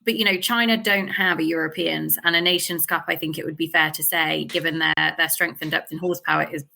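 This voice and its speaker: A woman hosting a podcast panel, leading a casual chat in a brisk, organising way. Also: low voice, fairly even intonation, gravelly, bright, forceful tone. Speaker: podcast host.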